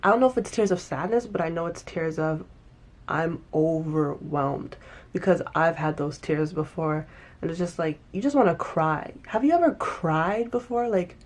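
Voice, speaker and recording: A woman casually recapping and reviewing a TV episode, animated and emphatic, often restarting sentences. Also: fairly low pitch, normal speed.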